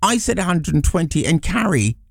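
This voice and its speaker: Lively, high-pitched male radio co-host. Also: brisk, creaky, dry recording, clean studio sound. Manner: jokey, animated, teasing. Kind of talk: playful breakfast radio chat. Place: radio studio. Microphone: studio mic.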